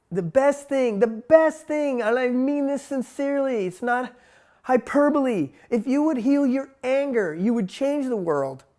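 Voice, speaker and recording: A man giving a spiritual talk in a blunt, emphatic monologue, swearing freely. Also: high-pitched. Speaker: spiritual teacher.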